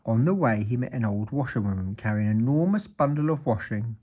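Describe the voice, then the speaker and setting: A man reading a children's story aloud in an expressive, playful way. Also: medium pitch, brisk, few pauses.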